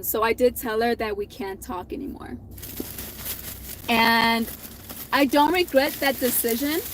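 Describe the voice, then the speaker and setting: A woman's voice: a little high, fairly bright tone, a little hiss or hum, rough recording. A young adult woman telling a personal story in a casual vlog, candid and profane, laughing now and then. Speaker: vlogger.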